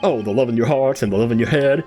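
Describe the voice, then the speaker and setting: A man's voice: medium pitch, quick pace, mellow, soft background music, natural voice. A man playing a flowery singing bard. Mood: romantic. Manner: theatrical, sing-song.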